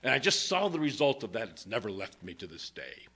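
An older male pastor preaches with a bright, animated voice that swings widely in pitch. He reads scripture and breaks into jokes along the way. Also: a little fast, husky. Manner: lively, joking preacher reading verses. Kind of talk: sermon.

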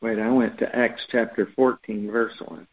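A man's voice: lowish voice, level tone, moderate pace, lo-fi sound. A man from the United States teaching a Bible study in an easygoing, conversational way, reading verses aloud and stumbling over words now and then. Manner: conversational, reads scripture aloud with frequent restarts.

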